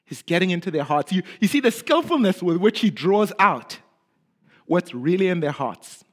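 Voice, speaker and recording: A man preaching a sermon in an expressive way, often dropping low and quiet at the ends of phrases and repeating words for emphasis.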